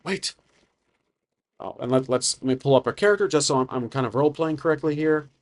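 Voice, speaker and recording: A man's voice: medium pitch, steady tone, fast talker. A man narrating his own solo tabletop role-playing game, thinking aloud casually. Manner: rambling, thinks aloud with fillers.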